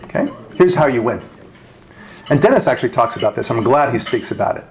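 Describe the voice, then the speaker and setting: A radio talk show host giving a speech to a dinner audience, punchy and rhetorical, with frequent asides asking "right?" and small laughs. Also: male voice, medium pitch, lively intonation, fast, creaky. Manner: conversational, with restarts and small laughs.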